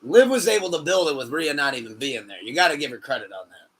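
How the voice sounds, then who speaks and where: A man hosting a podcast in casual chat, excitable and swearing, laughing often. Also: a little high, fast talker, slightly rough. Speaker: podcast host.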